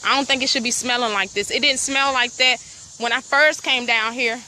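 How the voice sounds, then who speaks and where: With slight background noise and crickets outdoors, a property owner walks a rural trail vlogging to her viewers, out of breath and indignant as she asks pointed questions. Her slightly high, sharp voice keeps fairly even intonation at a moderate pace.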